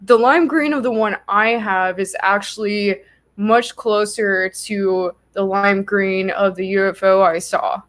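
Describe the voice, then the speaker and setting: A woman's voice: mid-range voice, slow pace. A young woman hosting a livestream, telling a story casually with lots of "like" fillers. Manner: chatty, lots of "like" fillers, animated retelling. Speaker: livestream host.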